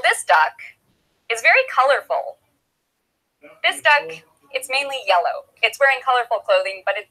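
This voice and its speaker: Woman English teacher, slightly high voice, patient with simple examples, tinny recording. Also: pushed and bright. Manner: patient, demonstrates with props and repeats examples. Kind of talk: slow, clear classroom explanation.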